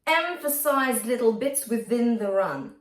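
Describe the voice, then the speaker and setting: A woman's voice: a little high, very animated, unhurried, roomy sound, recorded from a distance, soft background music. Upbeat woman vocal coach demonstrating singing. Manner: encouraging, instructive, breaks into sung examples. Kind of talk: singing lesson with sung demonstrations.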